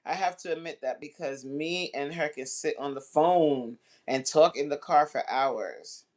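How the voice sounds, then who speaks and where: A woman's voice: low-pitched, measured pace. Playful woman teasing her live chat. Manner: playful, teasing banter with lively swings. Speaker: livestream host reading chat. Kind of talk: casual livestream chat.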